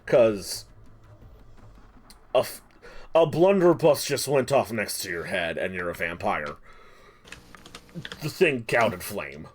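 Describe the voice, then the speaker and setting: A man's voice: on the low side, big pitch swings, takes it slowly, long pauses, a little hiss or hum. A man running a tabletop game as game master, narrating scenes dramatically and asking players for rolls. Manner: dramatic, descriptive storytelling with frequent restarts.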